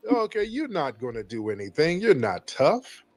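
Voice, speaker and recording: A man's voice: on the high side, big pitch swings, moderate pace, no room sound. A man hosting a call-in stream, taunting and mocking a caller in a heated argument.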